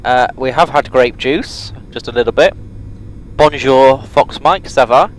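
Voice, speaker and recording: A man's voice: mid-range voice, measured pace, poor audio. A man joking and chatting casually as crew on a live flight-sim charity stream, laughing often.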